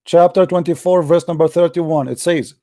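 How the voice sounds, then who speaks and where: A man's voice: on the high side, steady tone, normal speed, dark tone, no echo, clean studio sound. A man arguing in a heated online debate, pressing his opponent with repeated yes-or-no demands. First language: Arabic.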